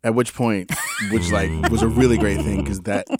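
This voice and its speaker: A man's voice: normal speed, music in the background. A man in his forties telling a casual story about his teenagers, acting out the quotes with sudden leaps in his voice. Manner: animated, acts out quotes with big pitch jumps. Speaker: podcast co-host.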